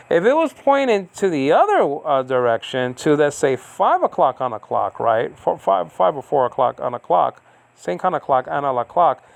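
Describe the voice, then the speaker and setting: A man's voice: mid-range voice, vocal fry, smooth, no room sound. A man teaching a recorded Greek lesson, explaining step by step with many fillers and frequent checks that the listener follows. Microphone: recording on a device he operates.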